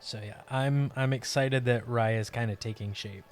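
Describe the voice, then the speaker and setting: A young man chatting casually on a live art stream, rambling warmly about a character and greeting viewers by name. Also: medium pitch, fairly even intonation, moderate pace. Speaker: livestream artist.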